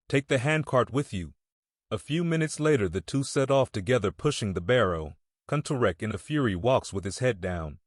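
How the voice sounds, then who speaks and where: Male audiobook narrator, measured and somber, mid-pitched voice, dry close recording. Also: dry recording. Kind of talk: scripted narration.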